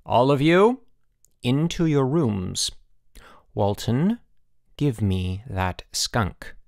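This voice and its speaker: A man doing a quiet, stern housemaster. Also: medium pitch, animated, very slow, creaky, dry recording, studio quality, exaggerated voice. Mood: commanding. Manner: quiet, clipped authority. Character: stern, dry older male housemaster.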